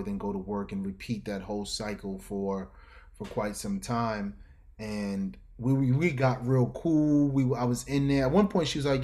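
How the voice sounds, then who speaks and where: A middle-aged man from Harlem with a New York accent, a fashion designer telling stories as an interview guest, slangy and animated, acting out the people in his stories. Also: lowish voice. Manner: animated storyteller who acts out voices, slangy. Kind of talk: casual storytelling interview.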